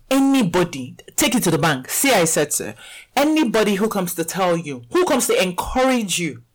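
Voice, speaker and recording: Storytelling on a casual podcast comes from a Nigerian-accented woman in her thirties who also works as a fitness coach. She's animated, laughs often, and acts out dialogue, her voice on the low side, though the audio is poor.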